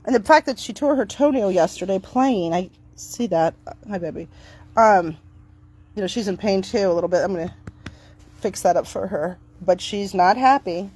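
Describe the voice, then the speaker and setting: A middle-aged woman talking casually to camera outdoors on her property, chatty and upbeat, switching to a bright cheery voice when she greets her dogs. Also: mid-range voice, moderate pace, slightly rough. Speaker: dog owner vlogger.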